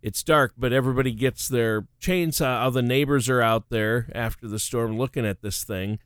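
A man's voice: mid-range voice, moderate pace, smooth, no room sound, studio quality. Chatty man co-hosting a talk show. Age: middle-aged. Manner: chatty storyteller, laughs often. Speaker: radio show co-host. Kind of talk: casual chat.

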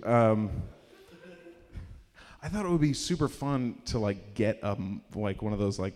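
A man's voice: lowish voice, takes it slowly, pauses often, a little mellow, in a large hall. Rambling male stand-up comic. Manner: rambling storyteller, filler-heavy, cracks himself up. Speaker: stand-up comedian. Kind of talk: live stand-up set. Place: live comedy showcase venue.

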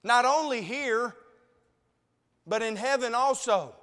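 A male preacher with a high voice, delivering a slow, deliberate sermon. He sounds tearful and emotional, and he pleads with his listeners through repeated questions. His voice rings with the long reverb of a hall. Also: fairly bright tone.

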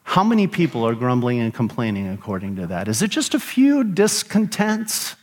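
A man's voice: mid-range voice, huge pitch swings, normal speed. A middle-aged man preaching a sermon as pastor, emphatic, with rhetorical questions and rising emphasis on key phrases.

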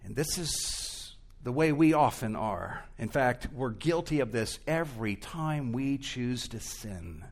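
A man's voice: mid-range voice, expressive, takes it slowly. A male pastor preaching an expository sermon in a church, earnest and emphatic, rising and falling in intensity.

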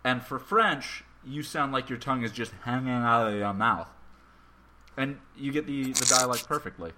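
A man's voice: medium pitch, normal speed, sharp tone, a little hiss or hum. A young man hosting a casual comedy podcast, joking and self-mocking, with the odd stutter. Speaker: podcast host.

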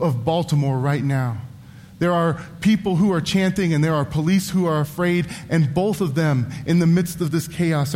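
Pastor, man in his thirties, fairly high voice, earnest sermon with wry asides, long church-hall reverb. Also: a little mellow.

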